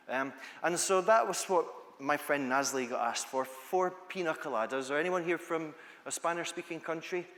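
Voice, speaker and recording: A man's voice: medium pitch, a bit bright. A Scottish man from the east coast, giving a playful, chatty conference talk that tells stories and asks the audience questions. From Scotland. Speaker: conference speaker, teacher trainer. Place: large conference hall. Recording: long hall reverb.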